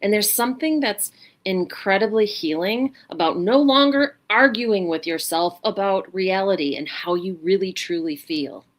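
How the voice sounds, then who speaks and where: A woman hosting a mindfulness show, giving a gentle, unhurried self-help talk with a guided practice in short reflective phrases. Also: medium pitch.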